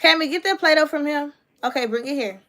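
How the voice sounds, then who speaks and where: A high-pitched woman chats loosely into her phone during a livestream. She laughs often and keeps turning aside to talk to her kids. Her talk is loose and playful, full of fillers. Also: quick pace, pushed and bright. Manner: laughs often, chatty, talks to her kids between remarks. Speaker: vlogger and mother. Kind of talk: casual chat to a livestream.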